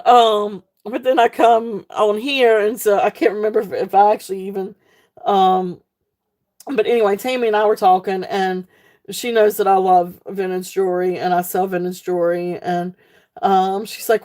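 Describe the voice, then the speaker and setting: A woman hosts a live online sale from her home. She chats casually and at length with her viewers, full of fillers and warm thanks. Her voice is mellow and soft-edged, pitched in the middle range. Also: fairly even intonation, moderate pace. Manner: rambling and heartfelt, many fillers, laughs often. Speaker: online jewelry seller hosting a live sale.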